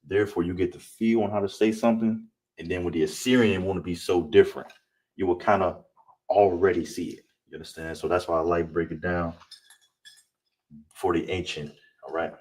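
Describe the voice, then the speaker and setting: A man teaching an online language class. He repeats words slowly, breaks them down letter by letter, and keeps asking "you understand?". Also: sits low, steady tone, a little mellow, distant mic. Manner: repetitive, checks in with "you understand?". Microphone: streaming setup.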